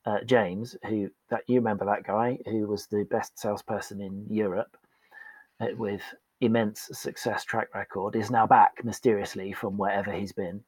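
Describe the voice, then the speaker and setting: A man's voice: lowish voice, little pitch movement, moderate pace, a little mellow, breathy edge, dry recording, rough recording. A man telling a candid, self-deprecating story as a guest in a casual podcast interview. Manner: candid and self-deprecating, acts out quoted voices.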